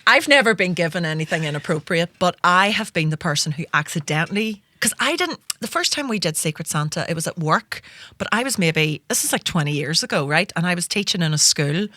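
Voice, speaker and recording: A woman's voice: lowish voice, brisk, dry recording. A Northern Irish woman in her forties hosting a comedy podcast, telling stories with lots of laughter. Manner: animated storyteller, laughing often. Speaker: podcast host. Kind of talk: casual comedic chat.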